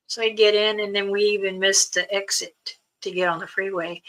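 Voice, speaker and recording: Bright-voiced woman telling a story. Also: mid-range voice, steady tone, fairly quick, few pauses, low-quality recording. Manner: chatty, laughs often, reads viewer comments aloud. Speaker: livestream host. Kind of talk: casual storytelling livestream. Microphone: streaming setup.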